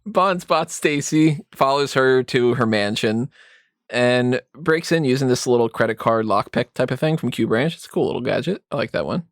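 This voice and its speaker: A man co-hosts a movie-review podcast, recapping scenes in an easy, chatty way and often laughing along. His mid-pitched voice comes across dry and close, with no room sound. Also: fairly bright tone, no room sound. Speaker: podcast co-host. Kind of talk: casual movie-review chat.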